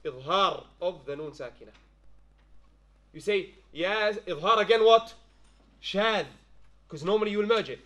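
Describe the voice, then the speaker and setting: A man with a high voice teaches a tajweed class in a classroom. He quizzes the room as he goes and keeps checking that the students follow. Arabic phrases run through his English. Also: measured pace, pauses often, a bit bright. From London-based. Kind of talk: classroom lesson.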